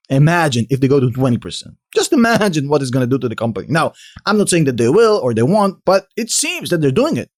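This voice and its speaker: A man with a delivery hosting a casual stock analysis vlog, confidently explaining and answering his own questions. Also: a little high. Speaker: finance video host.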